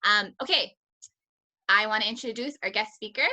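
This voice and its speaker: A woman from Hawaii hosting a team video call, excitedly introducing a guest and laughing easily. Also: medium pitch, normal speed.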